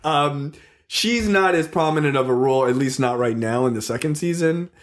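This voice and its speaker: A man's voice: fairly high pitch, normal speed. A man co-hosting a podcast in casual chat, telling stories with lots of swearing and acting out scenes. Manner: animated storytelling, swears freely, acts out scenes. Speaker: podcast co-host.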